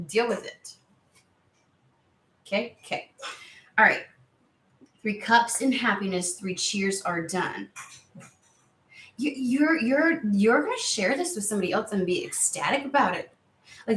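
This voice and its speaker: A woman's voice: mid-range voice, fairly bright tone, reverberant. A woman giving a casual tarot reading to camera, chatty and rambling, easily sidetracked. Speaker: tarot reader.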